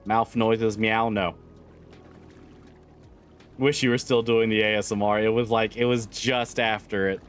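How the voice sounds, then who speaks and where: A man streaming a roleplay game, chatting casually with viewers, relaxed and joking, swearing freely. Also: lowish voice, a little slow, pauses often, slight background noise. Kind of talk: casual livestream chat.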